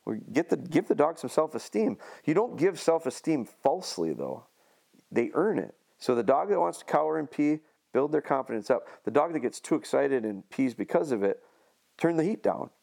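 A man's voice: a little high, sing-song, normal speed, creaky, darkish tone. A man casually explaining dog training on a podcast, leaning on homespun analogies and restarting his sentences often.

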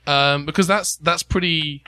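A man serving as game master in a casual tabletop session. His voice sits a little high and sounds bright. He works through dice math and rules aloud, pausing on fillers.

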